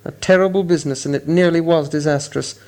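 A man reading an audiobook, voicing an old male wizard who exclaims briskly and commands. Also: on the high side, steady tone, a little mellow, lightly acted. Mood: exclaiming. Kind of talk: audiobook character voice.

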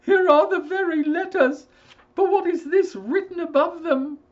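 A man reading a story aloud, voicing a frightened, obstinate older gentleman who stammers and blusters. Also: measured pace, dull audio. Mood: alarmed. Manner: shrill, stammering outbursts.

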